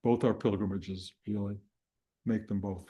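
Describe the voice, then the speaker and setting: An older man leads a spiritual class, his voice mellow and low in brightness. He tells stories in a meandering way, restarting phrases and chuckling along. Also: steady tone, a little slow, muffled recording. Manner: rambling storytelling with restarts and chuckles. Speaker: spiritual teacher. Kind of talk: dharma talk to a live and online group.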